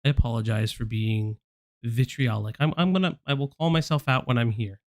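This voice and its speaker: A man's voice: mid-range voice, fairly quick, dry recording, studio quality. A man hosting a live stream, speaking bluntly and confrontationally to someone he addresses directly. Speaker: stream host. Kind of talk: casual live-stream commentary.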